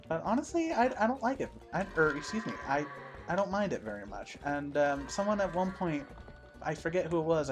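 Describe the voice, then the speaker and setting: A man commenting casually as he plays a video game, rambling and joking at his own expense. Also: medium pitch. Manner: self-deprecating, joking, rambling. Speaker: let's play host.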